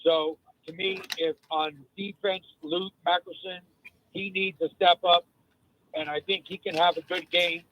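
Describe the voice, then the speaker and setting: A male caller on a sports radio show, speaking earnestly with halting fillers over a phone line. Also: sits high, flat delivery, sharp tone, slight background noise.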